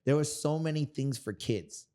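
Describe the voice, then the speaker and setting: A man in his thirties from Miami, a guest telling stories in a casual interview, animated and profane. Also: on the high side, normal speed. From Miami, Florida. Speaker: guest kickboxer.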